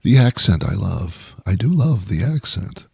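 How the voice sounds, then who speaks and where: A man hosting a show, delivering a rambling comedic monologue with deadpan, mock-outraged asides. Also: fairly low pitch, unhurried, gravelly, breathy edge, no room sound, studio quality. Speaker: show host.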